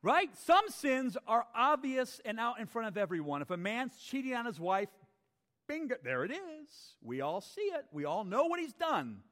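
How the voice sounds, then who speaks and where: A man preaching as pastor to his church, animated, acting out quotes and putting questions to the congregation. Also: very high-pitched, normal speed, in a large hall. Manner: animated, acts out voices and asks the congregation questions. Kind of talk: sermon. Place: church sanctuary.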